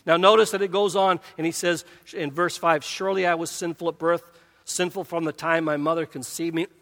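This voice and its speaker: A man's voice: on the high side, fairly even intonation, a little fast, fairly bright tone. A middle-aged man preaching a sermon, earnest and conversational, often restarting and putting questions to the congregation. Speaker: pastor. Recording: long hall reverb.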